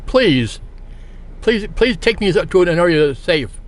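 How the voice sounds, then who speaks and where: A man putting on the voice of an upset stranded woman in his anecdote, insistent and pushing higher when she gets worked up. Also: very animated, measured pace. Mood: pleading. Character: upset stranded woman, demanding then pleading.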